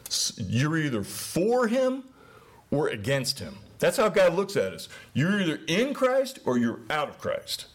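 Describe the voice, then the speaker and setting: A middle-aged man giving an informal, conversational sermon, often slipping into the voices of the people he describes. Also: mid-range voice. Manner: casual, conversational, acts out voices of biblical figures. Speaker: preacher.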